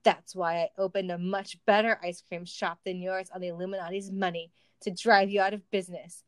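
A brash cyborg rapper villain, a man who declaims and shouts his boasts at his enemies, as a woman reading the story puts him on. The voice is smooth and clear, recorded dry and close, and it sits at a middling pitch. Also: level tone, brisk, no room sound, lightly acted. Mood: boastful.

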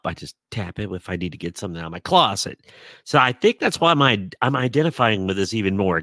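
A man's voice: deep voice, a bit bright, dry recording, studio quality. A man co-hosting a casual talk show, laughing heartily and rambling in wordy asides. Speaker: co-host. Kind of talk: casual chat.

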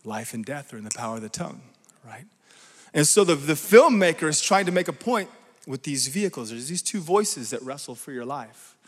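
A man delivers a lively sermon, his fairly high voice ringing with a long reverb through a large hall. He keeps turning to the crowd with quick questions. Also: breathy edge. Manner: animated, asks the crowd "right?" often. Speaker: preacher.

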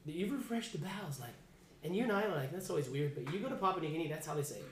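A man's voice: on the high side, animated, racing. Chatty man teaching an echoey Bible class. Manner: casual, chatty, restarts a lot. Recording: echoey room, faint background noise.

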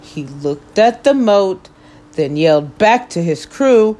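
A woman hosting story time, reading a children's picture book aloud with expressive, animated delivery. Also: lowish voice, slow pace.

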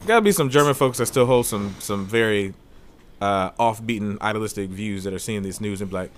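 A man hosting a casual podcast, giving hype-man intros and breaking into loud laughter. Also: fairly low pitch, a little fast, slight background noise. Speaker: podcast host.

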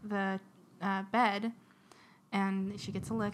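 Giggly woman telling a hushed story. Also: mid-range voice, flat delivery, takes it slowly, slight background noise. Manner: giggly, rambling, drops to a hushed near-whisper when telling the story. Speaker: podcast co-host. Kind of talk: casual chat, telling scary stories.

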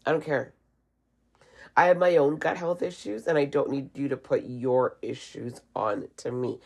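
Low gravelly-voiced blunt woman. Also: darkish tone. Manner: blunt, opinionated, swears freely. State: has a cough. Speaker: vlogger. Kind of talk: casual opinion monologue.

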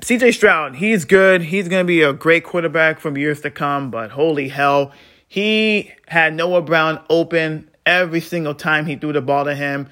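A man hosts his own podcast with a bright, forceful voice pitched a little high. He rants bluntly and swears freely. He drops into tired mutters, then flares back up into heated outbursts. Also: moderate pace. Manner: frustrated, swings between muttering and heated outbursts. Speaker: podcast host. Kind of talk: solo sports podcast rant.

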